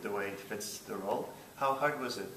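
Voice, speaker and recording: A man interviewing a guest, asking careful questions with hesitant restarts. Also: lowish voice. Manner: hesitant, measured. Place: convention venue. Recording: noisy, echoey, from a distance.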